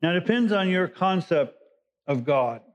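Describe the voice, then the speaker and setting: A man's voice: high-pitched, lively intonation, moderate pace. A male pastor giving a conversational sermon, explaining scripture in everyday words. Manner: conversational Bible teaching, paraphrasing scripture. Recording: dull lo-fi recording.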